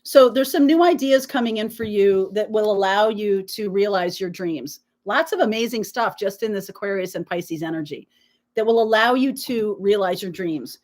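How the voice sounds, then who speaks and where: Woman, tarot reader, live stream host, sore throat, clears throat often, reassuring, emphatic. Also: medium pitch, normal speed, darkish tone. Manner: reassuring, emphatic, peppered with "okay?". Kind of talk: live tarot reading, chatting with viewers.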